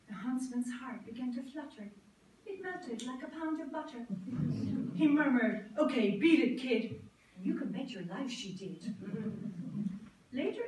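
A woman's voice: a little high, a little hiss or hum. A woman reciting comic verse in a theatrical manner in a drawing room. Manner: theatrical, lively. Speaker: storyteller. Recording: echoey room from far off.

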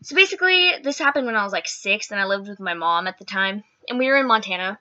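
Woman vlogger, lively swooping pitch, chatty rambling storyteller who acts out quotes. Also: fast talker, dull audio. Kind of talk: casual storytelling.

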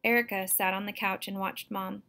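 A woman, a teacher, reading a novel aloud to students in a steady, expressive storytelling manner. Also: medium pitch, moderate pace.

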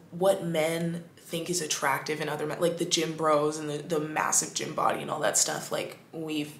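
A woman hosting a podcast, talking in a casual, animated monologue full of "like"s and restarts. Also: low voice, roomy sound, a little hiss or hum. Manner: animated, chatty, many "like"s and restarts. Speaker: podcast host.

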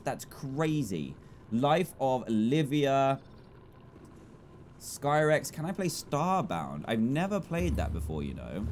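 A man's voice: mid-range voice, a little mellow, a little hiss or hum. Upbeat man reading donor names. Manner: rattles off viewer names with quick asides. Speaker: gaming YouTuber reading donations. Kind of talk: livestream gameplay commentary.

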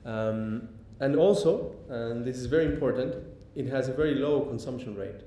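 A man giving a public lecture, pausing often with ums and restarting sentences. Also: dark tone. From Mexico. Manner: halting, many ums and restarts. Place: lecture hall. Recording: echoey hall, faint rumble.

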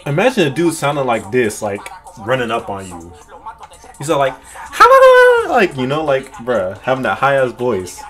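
A man giving casual, excitable, slang-filled reaction commentary to a music video, often laughing. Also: medium pitch, moderate pace. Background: music track playing.

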